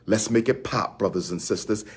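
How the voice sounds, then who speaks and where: A man with a husky, slightly rough voice speaks straight to his audience, chanting announcements with a preacher's fire. He is from Philadelphia and hammers each point home through repetition. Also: lowish voice, normal speed. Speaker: speaker promoting his events. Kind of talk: impassioned direct-to-camera address.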